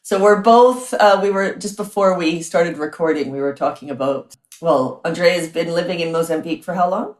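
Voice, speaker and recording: A woman's voice: fairly low pitch, moderate pace, reverberant. A woman with a North American accent hosting a podcast interview, chatty and effusive, with frequent restarts. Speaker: podcast host.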